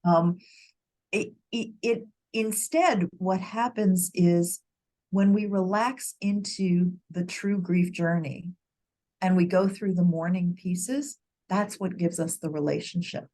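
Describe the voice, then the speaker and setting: Earnest woman telling a story, lowish voice. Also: steady tone, slow, dark tone. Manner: earnest storytelling with many restarts. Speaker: grief educator, co-host. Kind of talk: reflective conversation.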